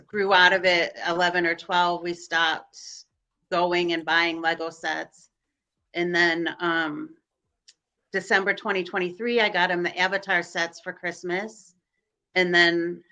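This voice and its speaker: A woman's voice: on the low side, pushed and bright. A woman with a Chicago accent, a guest on a live-streamed video call, telling rambling stories full of fillers and restarts. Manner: rambling, filler-heavy storytelling. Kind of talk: casual chat on a live stream.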